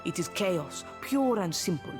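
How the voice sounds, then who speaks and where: An actress voicing a tired, stern town watch commander who speaks in a curt, measured way. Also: female voice, lowish voice, expressive, music in the background. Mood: weary. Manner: curt, measured, weary authority.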